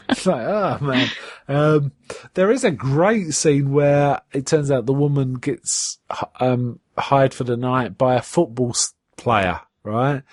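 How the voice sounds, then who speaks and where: A man's voice: medium pitch, slow pace, dry recording. Chatty man recapping TV, dry sound. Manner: animated retelling, acts out quotes in a raised voice; chatty, with many fillers and restarts. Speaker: podcast co-host. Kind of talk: casual episode recap chat.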